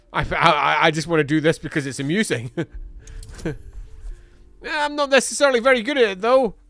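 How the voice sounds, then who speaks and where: A man casually commentating as he plays a video game, chatty and amused and thinking out loud. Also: high voice, moderate pace, long pauses, dry recording, soft background music. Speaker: game streamer. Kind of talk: casual let's-play commentary.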